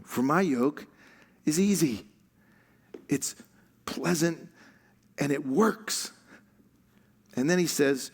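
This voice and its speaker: Casual sermon, male pastor, slightly high voice with some gravel, chuckles as he teaches. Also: sing-song, measured pace. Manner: conversational, laughs often, stretches words for emphasis. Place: church stage.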